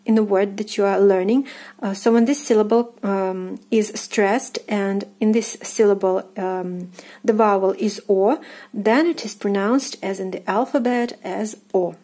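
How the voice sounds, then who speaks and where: A woman with a Russian accent gives a casual spoken lesson. Her voice is mellow and soft-edged at a middle pitch. She explains step by step and often pauses on fillers or corrects herself. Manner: unhurried, explains slowly with many fillers and self-corrections. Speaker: language teacher.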